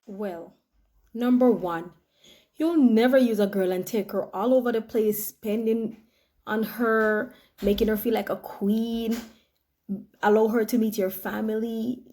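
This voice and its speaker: A woman's voice: a little high, warm tone. A Nigerian woman acting a newly engaged young woman, gushing and close to tears in a comedy skit. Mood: insistent.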